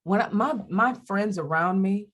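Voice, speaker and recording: This middle-aged comedian and radio host, guesting on a candid interview about faith, speaks at medium pitch and a moderate pace. She tells her stories with energy, slipping into the voices of the people she quotes.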